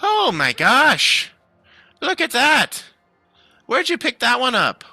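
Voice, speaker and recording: A man's voice: on the high side, lively intonation, measured pace, pushed and bright, clean tone, no room sound, soft background music, pitched above the performer's own voice, exaggerated voice. A man doing a flustered chatty halfling lad. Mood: excited. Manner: flustered, apologetic, stumbling over words. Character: nervous chatty young male halfling craftsman.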